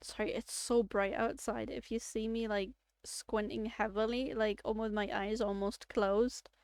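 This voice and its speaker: A woman streaming a live game playthrough, chatty and excitable, swearing casually. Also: on the high side, unhurried, no echo, clean studio sound.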